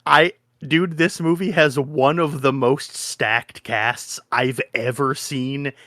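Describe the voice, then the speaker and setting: A man in his thirties co-hosting a podcast, chatting casually and excitedly, swearing often and acting out his own reactions. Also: mid-range voice, slow pace, dry recording, studio quality. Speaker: podcast co-host. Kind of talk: casual chat.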